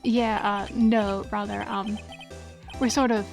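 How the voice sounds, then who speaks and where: A woman's voice: medium pitch, little pitch movement, takes it slowly, vocal fry, faint music behind. A woman voicing a nervous young male defense attorney, hesitant and apologetic, often stammering. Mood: flustered.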